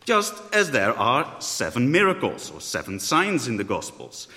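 A man's voice: medium pitch, huge pitch swings, measured pace, sharp tone. A man preaching a sermon in a thoughtful way, often rephrasing mid-sentence. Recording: echoey hall.

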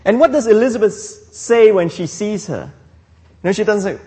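A man's voice: high-pitched, lively intonation, normal speed, dark tone, in a large hall. A man preaching a sermon as a pastor, with frequent restarts and rhetorical questions.

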